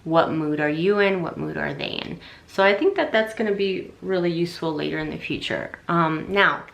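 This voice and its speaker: Woman, young adult, casual advice vlog, chatty, rambling, gravelly, low-pitched. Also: moderate pace. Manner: chatty, rambling, many fillers and restarts. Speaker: relationship vlogger.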